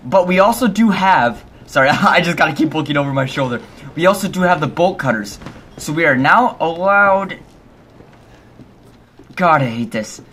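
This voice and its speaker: A man's voice: fairly high pitch, lively intonation, normal speed, fairly bright tone, breathy edge. A young man hosting a let's play of a horror game, nervous and jumpy, swearing often and laughing between scares. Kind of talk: casual gaming commentary.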